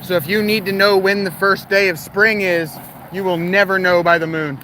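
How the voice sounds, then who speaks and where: A man's voice: sits high, fairly even intonation, normal speed, few pauses, pushed and bright, a little hiss or hum. A man hosting a casual livestream, rambling and answering chat while he walks outdoors at night near parked cars. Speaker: livestream host.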